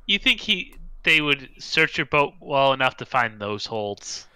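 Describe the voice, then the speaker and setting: A man's voice: medium pitch, sing-song, a little slow, bright, forceful tone, clean tone, no echo. A man playing a tabletop role-playing game, trading quippy lines with the table. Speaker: player. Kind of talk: tabletop role-play banter.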